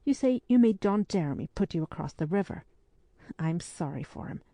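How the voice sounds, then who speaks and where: A woman reading the part of a brisk, firm English spinster hostess in an audiobook. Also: lowish voice, lively intonation, dark tone, dry recording.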